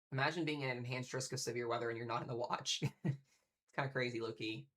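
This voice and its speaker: Guy doing live storm coverage from home, talks fast, chatty and hyped, speaks right to chat. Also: medium pitch. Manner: chatty, excitable, talks straight to viewers. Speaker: severe weather live streamer. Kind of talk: casual live weather commentary.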